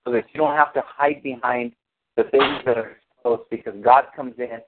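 A man's voice: mid-range voice, fairly even intonation, normal speed. A man hosting an informal Bible study. He preaches emphatically, repeats his words and quotes scripture. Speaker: host leading a Bible study. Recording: tinny phone line with faint noise.

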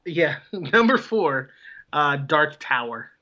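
A man's voice: fairly high pitch, very animated, slow, pushed and bright. A man co-hosting a podcast, giving blunt, profane movie opinions in casual banter and laughing often. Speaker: podcast co-host. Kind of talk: casual film-review banter. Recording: dull lo-fi podcast audio.

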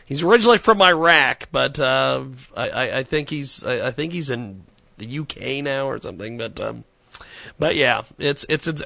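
A man's voice: on the high side, vocal fry, sharp tone, no echo. A man hosting a casual studio talk show, rambling with stammered repeats and frequent laughter. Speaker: radio show host.

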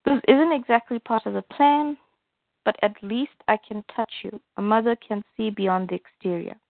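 A woman's voice: medium pitch, moderate pace, vocal fry, no echo, lightly acted. A woman voicing a plant villainess who dotes on her child, in a comic read-aloud. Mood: doting. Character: adult woman plant villain, doting mother. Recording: tinny phone-like dry sound.

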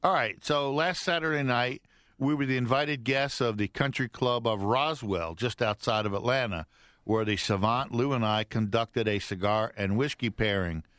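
Teasing radio host, dry. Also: male voice, medium pitch, moderate pace, a bit bright, no echo. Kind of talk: radio talk show banter. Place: radio studio. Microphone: studio mic.

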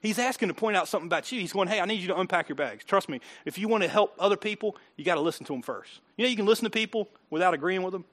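A man preaching a sermon in a folksy, emphatic way, swinging between quiet asides and loud bursts, with short chuckles. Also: high-pitched, rapid-fire, hardly any pauses. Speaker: pastor.

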